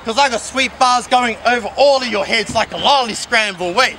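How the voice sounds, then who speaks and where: A man's voice: very high-pitched, moderate pace, sharp tone, a little hiss or hum. A young man spitting an aggressive, mocking battle rap verse outdoors by a skate park. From New Zealand. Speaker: battle rapper.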